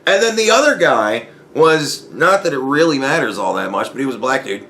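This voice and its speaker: A man's voice: mid-range voice, lively intonation, fairly quick, pushed and bright. A man hosting a podcast, ranting casually in a profane, rambling way and laughing between points. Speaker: podcast host. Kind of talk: casual solo commentary rant.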